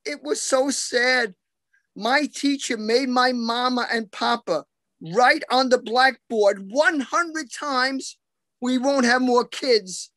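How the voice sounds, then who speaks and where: A man from New York doing deadpan, self-mocking stand-up one-liners over a video call. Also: extremely high pitch, slow, no echo. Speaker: comedian.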